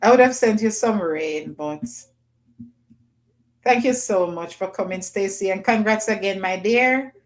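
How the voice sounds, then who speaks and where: A woman hosts a relaxed livestream, chatting to viewers and reading their comments aloud. Her voice sits at a middle pitch, and she slips easily into patois phrasing. She is recorded close to the mic. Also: measured pace, poor audio. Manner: chatty, laughs often, Jamaican patois phrasing. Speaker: livestream host.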